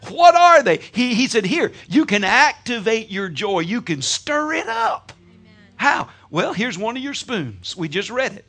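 A man preaches with a high, bright voice that leaps up and down in pitch. He tells homely stories, breaks into laughter and shouts his praises. His delivery is animated and full of sudden swings. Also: a little slow. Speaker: pastor. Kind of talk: sermon.

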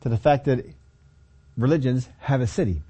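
A man preaching a sermon, emphatic, with sudden loud stressed words between quieter explaining. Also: medium pitch, moderate pace.

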